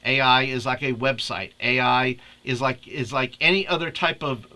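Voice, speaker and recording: Casual youth-ministry leader, man, bright tone, chatty and quick to laugh. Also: mid-range voice. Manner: chatty, laughs often, restarts a lot. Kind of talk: casual screen-share tutorial.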